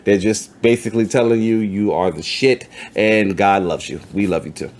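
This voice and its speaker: A man hosting a casual interview, swearing freely and hyping up his guest while he reads chat comments out loud. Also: on the low side, fairly even intonation, moderate pace. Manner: profane, hype, reads chat comments aloud. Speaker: podcast host. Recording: faint background noise.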